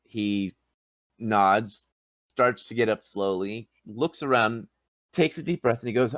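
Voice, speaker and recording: A man running a tabletop game, narrating and calling rolls in a relaxed, plain manner. His voice sits low, and the sound is dry and close. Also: slow pace, dry recording. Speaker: game master.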